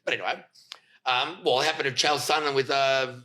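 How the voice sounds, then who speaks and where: Man, podcast guest, forceful bright tone, animated storyteller who acts out quotes. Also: medium pitch, fairly quick. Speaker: guest, fight coach.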